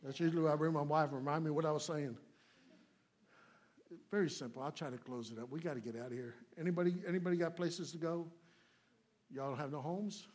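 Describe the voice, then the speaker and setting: A man preaching a sermon as a guest speaker, folksy and plainspoken, swinging between loud, emphatic points and hushed asides. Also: on the high side, steady tone, fast, pauses often.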